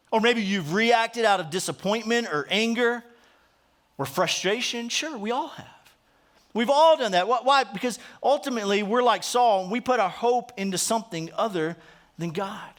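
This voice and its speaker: A man's voice: high voice, moderate pace, fairly bright tone. A man pastor preaching a sermon, retelling a Bible story conversationally, with frequent restarts.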